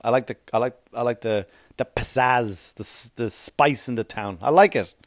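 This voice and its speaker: A man's voice: medium pitch, normal speed, dry recording, clean studio sound. A man delivering a rambling, profane comic monologue as a podcast host, constantly checking in with the listener. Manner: profane, keeps checking in with "right?".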